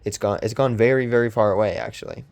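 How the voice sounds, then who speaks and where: A young man talks in a low-pitched, sarcastic-sounding voice as he hosts a podcast. He rambles through a casual monologue, full of ums, restarts and loose asides. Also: fast, gravelly, a little mellow. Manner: meandering, with many ums and restarts. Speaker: podcast host.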